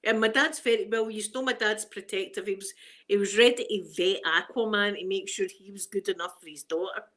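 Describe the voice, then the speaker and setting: A woman's voice: mid-range voice, steady tone, fairly quick, a bit bright. A Scottish woman in her forties, chatting casually for an ASMR video, self-mocking and laughing often. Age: 40s. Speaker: ASMR creator.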